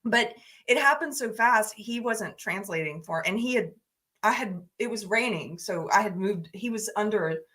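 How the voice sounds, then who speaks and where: A woman hosting a livestream, telling a story in a casual, animated way and laughing often. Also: medium pitch, normal speed. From United States. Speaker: host.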